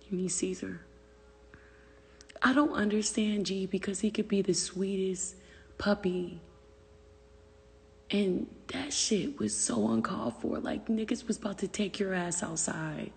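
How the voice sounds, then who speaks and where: Husky woman chatting loosely on a livestream. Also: medium pitch, unhurried, a little mellow, long reverb tail. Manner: loose, profane, rambling, drops to whispers. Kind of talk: casual livestream chat, reading comments. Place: family room at home.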